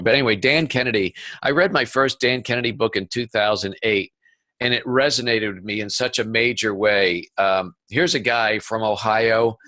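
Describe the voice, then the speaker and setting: Man, interview guest over a video call, bright forceful delivery, dry sound, animated storyteller. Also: lowish voice, no room sound. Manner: animated storyteller, quick asides. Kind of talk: conversational interview. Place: home office.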